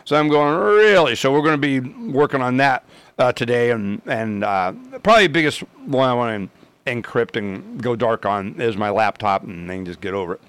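A man's voice: mid-range voice, a little fast, clear, resonant tone, dry recording. Rambling man telling a story, dry sound. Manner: rambling, animated, acts out both sides of conversations. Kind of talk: casual storytelling monologue.

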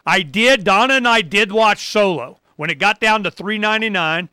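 A man's voice: sits high, normal speed, bright, forceful tone, smooth, no room sound, studio quality. A man co-hosting a radio show, chatting in an offhand way. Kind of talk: casual chat on radio.

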